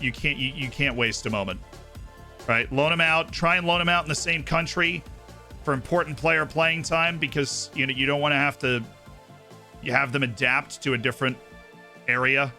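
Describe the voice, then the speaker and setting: A streamer from Tampa, Florida, with a fairly high, pushed, bright voice rambles casually while playing a football management game. His talk is full of asides and "right?" tags.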